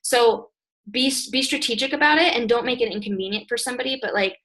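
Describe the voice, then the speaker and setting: Young woman, fairly high voice, energetic, direct, emphatic, team coaching talk. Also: fast. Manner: energetic, direct, emphatic, repeats "okay?" and "you guys". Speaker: network marketing team leader.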